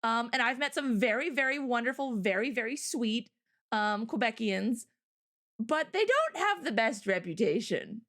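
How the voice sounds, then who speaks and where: Woman from Canada, casual chat guest, high-pitched, lively intonation. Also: moderate pace. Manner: bubbly, laughs often, animated.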